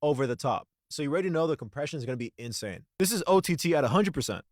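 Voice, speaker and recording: Young male producer, excitable and slangy, lightly raised pitch, dry close sound, casual tutorial read. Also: rapid-fire, dry recording. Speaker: music producer. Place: home studio.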